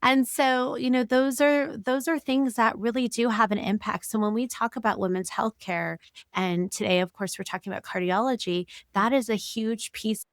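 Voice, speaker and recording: A woman's voice: a little high, steady tone, moderate pace, dry recording. A woman physician hosting an interview, reflecting on what her guest says and building long questions. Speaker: physician host. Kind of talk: conversational interview.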